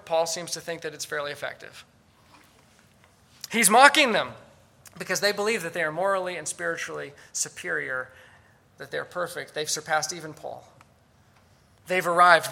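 A man's voice: fairly high pitch, gravelly, pushed and bright. A man preaching a sermon, dramatic and sarcastic at times, acting out the voices he quotes. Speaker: pastor.

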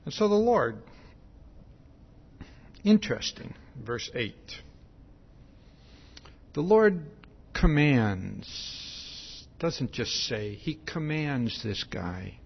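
Husky man preaching a conversational sermon. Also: medium pitch, animated, extremely slow, pauses often. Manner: repeats words, asks "See?" often, acts out quotes. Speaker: pastor. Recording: dull lo-fi sound.

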